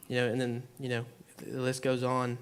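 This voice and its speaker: With a medium-pitched voice over a little hiss or hum, a young preacher in church tells a personal story in an informal sermon. He keeps it conversational, leans on "like" and acts out how he reacted.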